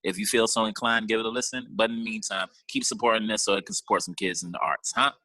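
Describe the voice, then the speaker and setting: A man doing stand-up comedy over a video call, telling a story in an animated, slangy way with acted-out dialogue. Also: lowish voice, fast talker, no room sound, poor audio.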